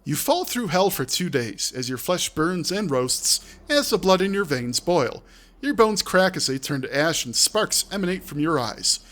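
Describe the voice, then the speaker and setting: A man's voice: a little high, very animated, moderate pace, fairly bright tone. A man streaming live, reading out a text adventure and breaking off with offhand asides. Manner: reads aloud with offhand asides. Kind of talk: live-streamed game narration.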